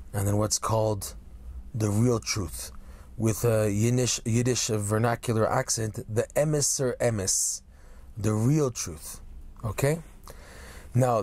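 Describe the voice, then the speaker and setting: A man's voice: medium pitch, a little mellow. A man teaching a religious lesson, explaining ideas step by step and checking in with "right?" and "okay?". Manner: explanatory, stretches key words slowly, asks "okay?" and "right?". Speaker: rabbi teaching Torah lesson.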